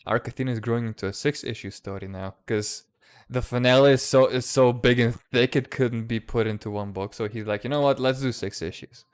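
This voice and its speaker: A man's voice: medium pitch, steady tone, brisk, clear, resonant tone. A man chatting casually in a live stream, laid-back and laughing often, swearing freely. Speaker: comics creator in a live chat. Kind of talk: casual chat. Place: lives outside the United States.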